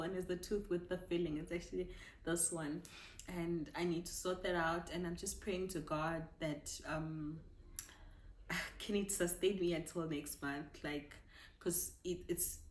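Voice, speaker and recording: A woman's voice: lowish voice, roomy sound. A woman chatting in a casual personal vlog, emotional and full of fillers and restarts. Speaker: vlogger.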